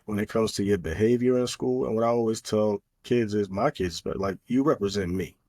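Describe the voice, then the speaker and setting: A man's voice: lowish voice, fairly quick, dark tone. A middle-aged man co-hosting a podcast, talking in an earnest, opinionated way with lots of fillers. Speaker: podcast co-host. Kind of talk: casual chat.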